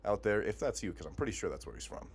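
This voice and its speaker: A man's voice: on the low side, very animated, rapid-fire, vocal fry, a little hiss or hum. Joking, laughing man podcast co-host. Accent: Montana. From Montana. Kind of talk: casual chat.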